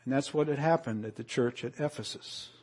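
A pastor preaching a sermon, reading scripture aloud and swinging between hushed lines and raised, emphatic passages. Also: male voice, mid-range voice, a little fast.

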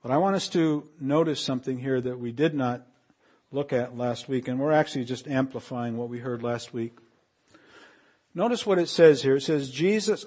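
A pastor preaching a sermon, reading scripture aloud and swinging between hushed lines and raised, emphatic passages. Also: male voice, medium pitch, normal speed.

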